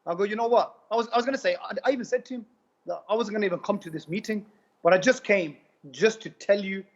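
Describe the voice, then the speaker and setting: A man giving an animated testimonial, retelling conversations in a rapid, repetitive way. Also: high voice. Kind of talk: animated personal storytelling. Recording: dull lo-fi recording.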